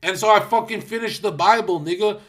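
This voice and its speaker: A man's voice: high-pitched, fairly quick, a bit bright. A young man livestreaming, telling a story as a casual rant. He swears a lot, mocks people, and acts out what others said. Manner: profane, mocking storytelling.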